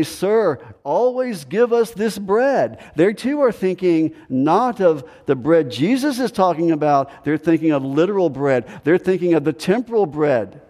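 A man with a mellow voice on the high side preaches as pastor, driving points home by repeating key phrases. The recording comes from an echoey church sanctuary with long reverb.

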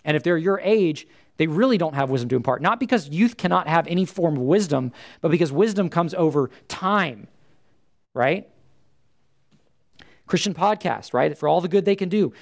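A man's voice: fairly high pitch, vocal fry. A man giving an earnest, conversational church teaching talk to a live group, with frequent fillers.

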